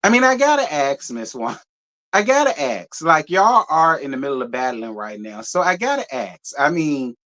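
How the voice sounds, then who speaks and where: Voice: mid-range voice, very animated, moderate pace, fairly bright tone. A commentary host reacting to a feud, asking challenging rhetorical questions and repeating them.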